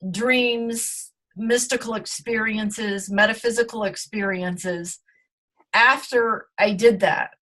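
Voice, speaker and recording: A woman's voice: medium pitch, a bit bright. A middle-aged woman, a guest in an interview, telling her story in an earnest, reflective way with many fillers.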